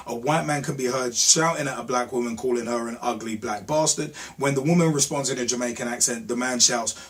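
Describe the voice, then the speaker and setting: A man hosting a blunt opinion rant, swearing and repeating himself, his voice jumping high when he gets heated. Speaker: host of a rant show.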